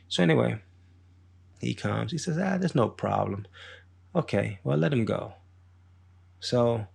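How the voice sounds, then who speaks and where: Male podcast host, low gravelly voice, unhurried street-wise storyteller. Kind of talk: casual storytelling monologue.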